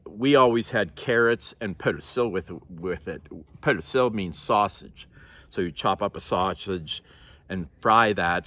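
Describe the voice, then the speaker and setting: A man from Norway chatting casually to camera, laughing now and then and clearing a scratchy throat. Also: lowish voice, fairly bright tone. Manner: chatty, laughs often, self-correcting. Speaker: vlogger.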